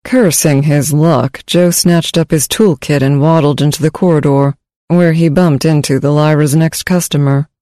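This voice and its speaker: Male audiobook narrator, measured and steady, warm tone, dry close recording. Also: fairly high pitch, dry recording. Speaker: story narrator. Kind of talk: scripted narration.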